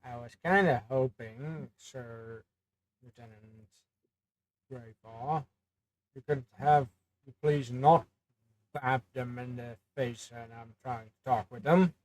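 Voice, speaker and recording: Male player, slow unhurried delivery, hesitant with filler words. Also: medium pitch. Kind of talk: casual tabletop game chat.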